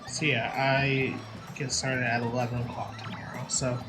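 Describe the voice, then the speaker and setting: A man's voice: mid-range voice, level tone, moderate pace. Rambling man chatting over game music. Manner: rambling, hesitant, many fillers. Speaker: co-streamer giving game tips. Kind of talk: casual chat.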